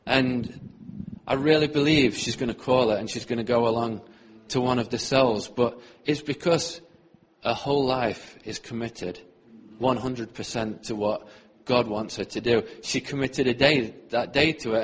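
A man with a husky, slightly breathy voice tells an earnest testimony as part of a sermon. His speech is mid-pitched for a man, and he often lets his sentences fade away softly. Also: normal speed, few pauses. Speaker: church speaker.

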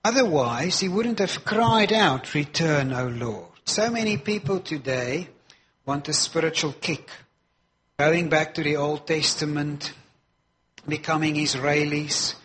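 Male preacher, sermon delivery, unhurried and emphatic, voice sits a little high. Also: fairly bright tone, a little hiss or hum. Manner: emphatic, repeats key phrases for weight.

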